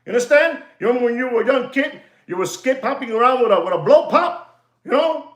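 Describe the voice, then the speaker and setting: A man with a very high-pitched voice talks at a quick clip while hosting a live stream. He rambles in a teasing, lecturing way, animated and excitable, and keeps dropping "you know" fillers. The room sounds roomy and echoey.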